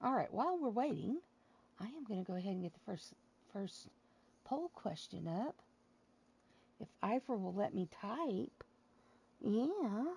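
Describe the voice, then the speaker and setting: A woman's voice: mid-range voice, big pitch swings, measured pace, vocal fry, pauses often, a little mellow, husky. A woman hosting a wrestling show stream, chatting casually with her audience in a rambling way and laughing at her own jokes.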